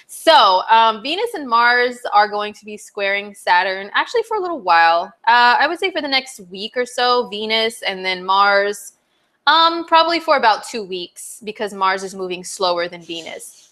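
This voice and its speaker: A woman astrologer runs a casual live stream, her voice bright and forward. She is chatty and bubbly, laughing easily as she reads viewers' questions from the chat. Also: medium pitch, big pitch swings, moderate pace. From not from New Jersey.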